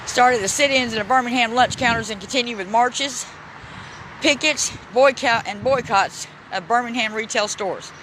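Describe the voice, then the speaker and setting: High bright voice, guy vlogging outside in a park on his phone, reads signs slow and stumbly, kinda choked up. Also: a little hiss or hum, rough recording. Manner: halting reader, stumbles and restarts; emotional, close to tears. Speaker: vlogger giving a walking tour. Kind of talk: casual walking-tour vlog, reading signs aloud. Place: outdoors in a city park.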